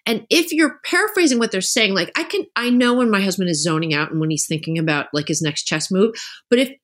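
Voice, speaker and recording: A woman's voice: medium pitch, fast talker. A middle-aged woman, an author guest on an interview podcast, talking casually and acting out the voices she quotes. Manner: animated storyteller, acts out quoted voices.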